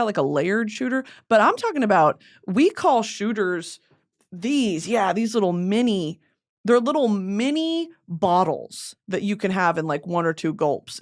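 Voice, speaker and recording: Animated, swearing young Southern woman. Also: fairly low pitch. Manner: rambling, swears a lot, flustered outbursts. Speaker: podcast host. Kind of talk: casual solo chat.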